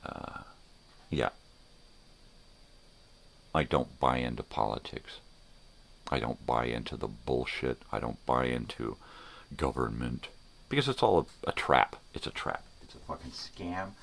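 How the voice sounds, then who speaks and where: A man's voice: a bass voice, lively intonation, unhurried, creaky, pauses often, fairly bright tone. An older man hosting his own morning vlog, ranting bluntly and with heavy profanity. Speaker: vlogger.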